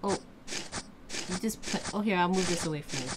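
Playing a game alongside her child, a young woman keeps up a casual chat full of coaching, encouragement, and exclamations. She talks fairly quickly in a voice on the low side, against loud background noise.

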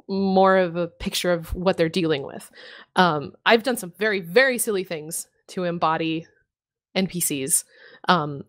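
A woman co-hosting a podcast in casual chat about tabletop games, laughing often, swearing casually and mocking herself. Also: lowish voice. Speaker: podcast co-host.

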